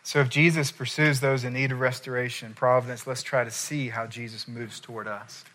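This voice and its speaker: Male pastor, sermon, animated storytelling, bright tone. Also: mid-range voice, brisk. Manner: animated storytelling, acting out quoted voices.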